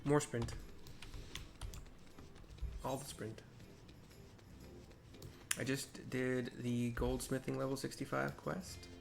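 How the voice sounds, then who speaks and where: A man's voice: medium pitch, flat delivery, slow, vocal fry, long pauses. Casual male gameplay narrator, faint music. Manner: chatty, wry, reactive. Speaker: game narrator for blind viewers.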